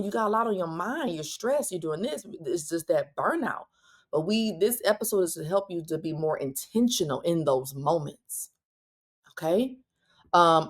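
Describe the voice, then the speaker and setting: On her solo parenting podcast, a mid-range-voiced woman addresses listeners in a blunt, direct way, with quick asides and frequent restarts.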